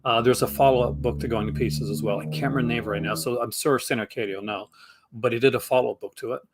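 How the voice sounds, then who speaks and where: A man's voice: medium pitch, fairly even intonation, quick pace, noisy background. A man from Canada with a Canadian accent, chatting as a guest on a live stream, enthusiastic and rambling with lots of fillers and restarts. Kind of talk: casual chat.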